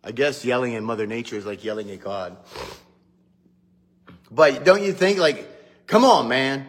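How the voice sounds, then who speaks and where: A man's voice: mid-range voice, normal speed. A middle-aged male pastor chatting casually and joking to his congregation, still getting over a cough. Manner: chatty, joking, animated asides. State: recovering from a cough. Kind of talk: casual morning livestream chat.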